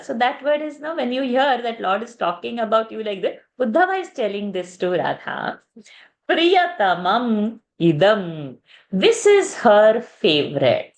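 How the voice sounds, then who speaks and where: Woman teacher, slow and patient, checks in with "huh?" while explaining. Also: on the high side. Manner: explains slowly, repeating words and asking "huh?". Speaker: teacher of Sanskrit verses. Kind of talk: explaining verses in a class.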